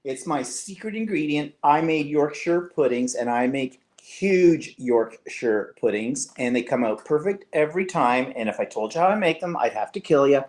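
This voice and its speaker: A man's voice: fairly high pitch, expressive, moderate pace, few pauses, darkish tone. A man from Canada, co-hosting a live online show in casual, teasing chat and reading viewer comments aloud.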